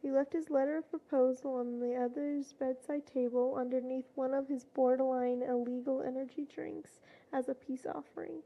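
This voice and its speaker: High gravelly woman reading fanfiction aloud. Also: fairly even intonation, moderate pace, muffled recording. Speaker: fanfiction reader.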